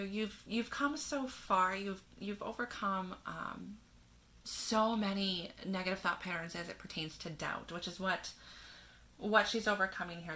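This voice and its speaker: A woman giving a spiritual tarot reading in a gentle manner, reading card verses aloud and laughing softly now and then. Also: lowish voice, a little hiss or hum. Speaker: tarot reader.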